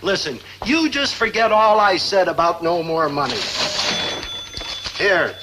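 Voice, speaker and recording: A grumbling middle-aged father who is soft underneath. His voice is high and bright. A faint hiss sits under the old soundtrack. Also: animated, unhurried, exaggerated voice, poor audio. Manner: growling, blustery. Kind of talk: 1950s sitcom acting.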